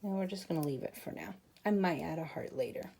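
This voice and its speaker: Working through a craft tutorial, the host keeps up casual chatter with her audience. Her voice is low, creaky and dark, and she talks at a quick pace.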